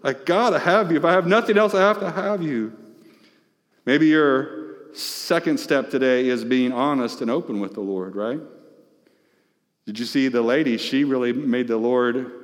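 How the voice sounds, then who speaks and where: A male pastor preaching an impassioned sermon, calling out to the congregation with rising and falling delivery. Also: medium pitch. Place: church sanctuary. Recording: reverberant church hall.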